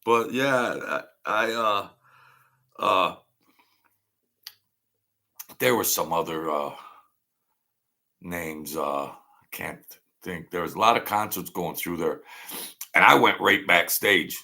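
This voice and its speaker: A man's voice: low-pitched, expressive, takes it slowly, creaky, pauses often, pushed and bright. A man hosting a casual livestream, telling meandering stories that trail off and restart. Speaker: livestream host. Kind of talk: rambling casual storytelling.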